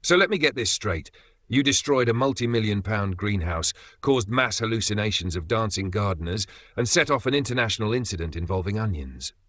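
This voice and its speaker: A man's voice: lowish voice, lively intonation, fairly quick, a bit bright, no room sound. A man doing an exasperated spy chief. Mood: incredulous. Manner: incredulous, scolding.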